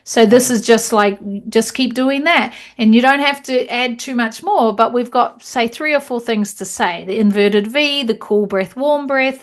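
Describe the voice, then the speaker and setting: A woman teaching meditation trainees over a video call, demonstrating guiding cues in a slow, calm voice. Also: fairly high pitch.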